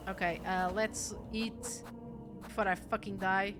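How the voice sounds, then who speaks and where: A woman's voice: medium pitch, a little slow, music in the background. A woman streaming a game, chatting casually and reading the game's lines aloud in playful voices. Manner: animated, swearing, reads game lines aloud in character voices.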